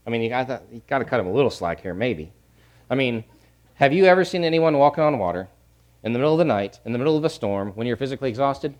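A middle-aged male pastor preaching a sermon, repeating key phrases and swinging from hushed to loud. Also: medium pitch, lively intonation, quick pace.

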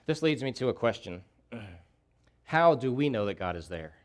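A male pastor preaching with rising intensity, repeating phrases to hammer home each point. His voice sits at an ordinary middle pitch for a man. He swings between urgent, pleading outbursts and quieter, reflective stretches. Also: animated, normal speed. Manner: impassioned preaching with emphatic repetition, voicing a prophet's pleas. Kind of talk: sermon.

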